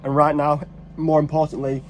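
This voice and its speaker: A young man, a cycling vlogger, chatting casually and excitedly to camera outdoors on hills. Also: a little high, moderate pace, slight background noise. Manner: chatty, excitable, swears mildly. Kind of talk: casual vlog chat.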